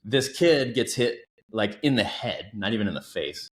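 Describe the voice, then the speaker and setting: A man's voice: fairly low pitch, normal speed. A man in his thirties, a coach talking as a podcast guest, telling stories earnestly and with emphasis. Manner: earnest storytelling, emphatic and animated. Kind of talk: casual interview conversation. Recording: roomy echo.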